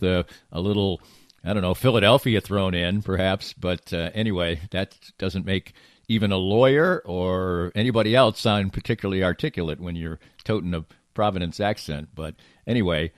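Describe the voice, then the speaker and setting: An older man from the Boston area, with a faint accent and a deep, low voice, rambles through memories on his personal podcast, a reflective monologue. He's a podcast host and play-by-play broadcaster, recorded dry and close in a home office, often saying "uh," restarting sentences, and sometimes going quiet.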